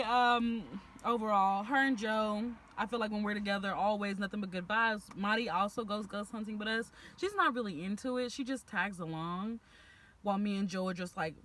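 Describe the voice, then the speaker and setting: A woman's voice: mid-range voice, a bit bright. A young woman from Texas with a Houston accent, chatting casually and animatedly to camera about her friends, full of slang. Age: young adult. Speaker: vlogger.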